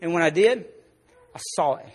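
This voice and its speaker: A male pastor preaching a sermon, telling a personal story and dropping soft and low in the emotional parts. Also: expressive, moderate pace, breathy edge.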